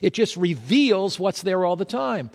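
A man's voice: high-pitched, very animated, a little slow, vocal fry, a little mellow, big-room sound. A man preaching a sermon, emphatic, asking his listeners questions and answering them himself. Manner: emphatic, asks the crowd questions then answers.

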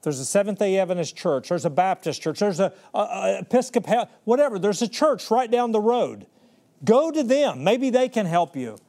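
A man preaching, voicing Jesus as a calm adult man who answers in offhand, wry modern phrasing. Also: high-pitched, normal speed, voice pushed up, heavily acted. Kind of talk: sermon storytelling.

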